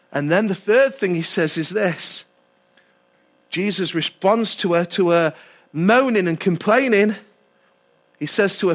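A male pastor delivers a sermon with animated energy. He keeps asking the congregation questions. His voice sits unusually high for a man. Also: a little slow, long pauses.

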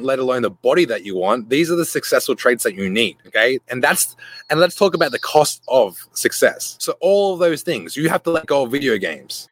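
A young adult man hosting a podcast, telling a casual story full of cursing, who jumps into quick voices for the people in his anecdote. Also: mid-range voice. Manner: animated, swears freely, acts out voices in anecdotes. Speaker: podcast host.

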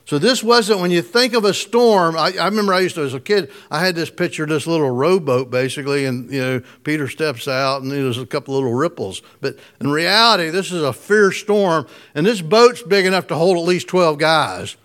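A man's voice: fairly high pitch, brisk, hardly any pauses, a bit bright. A man preaching a casual, conversational sermon, chuckling often and putting questions to his listeners. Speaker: pastor.

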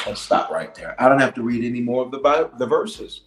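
A man preaching a sermon as a bishop, swinging from loud declarations to hushed lines and repeating phrases for emphasis. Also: mid-range voice, a little fast, hardly any pauses, echoey room, poor audio.

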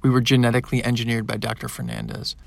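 A man's voice: medium pitch, flat delivery, quick pace, gravelly, no echo, lightly acted. A man voicing a polite young male hybrid crewman in an audiobook.

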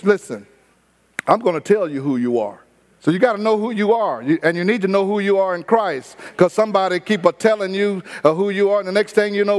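A middle-aged man preaching a sermon, emphatic and repetitive, with touches of humor. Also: sits high. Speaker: pastor.

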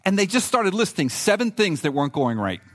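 Male pastor, lively sermon delivery, slightly higher voice, conversational. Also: fairly quick. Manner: animated, conversational preaching with swings in pitch; reads scripture with emphasis.

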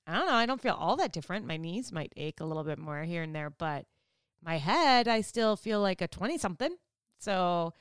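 She's a vlogger of around forty from Wisconsin, in the US Midwest, chatting to camera with frequent laughter and acted-out quotes. Clean studio sound with no room noise carries her smooth, mid-range voice.

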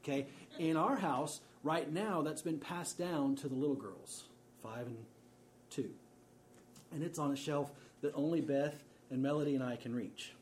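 A man's voice: on the high side, a little slow, a little hiss or hum. A man in his thirties gives a sermon in a slightly raised voice, loose and conversational, breaking off for wry jokes. A faint room ambience sits under the recording. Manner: conversational, joking asides. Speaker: preacher.

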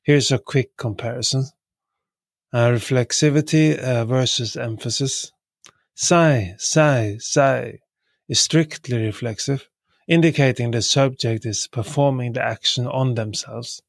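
A man teaching a language lesson, repeating each example word three times in a measured way with occasional fillers. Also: mid-range voice, vocal fry, no room sound. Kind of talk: slow repetitive lesson.

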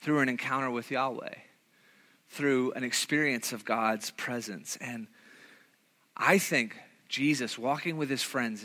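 A man preaching a sermon, telling a story with lively delivery and acting out quoted voices, with many restarts. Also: mid-range voice, unhurried. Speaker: pastor.

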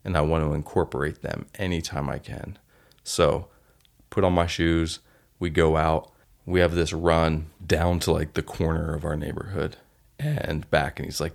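Deep gravelly guy hosting his own podcast, earnest and heartfelt. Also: fairly even intonation, moderate pace. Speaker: podcast host. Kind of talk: solo podcast reflection.

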